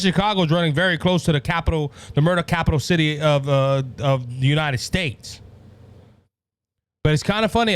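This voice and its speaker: A man from Louisiana with a Cajun accent and a slightly high voice hosts a conservative political commentary podcast. He speaks with passion, repeating himself and stammering through many restarts.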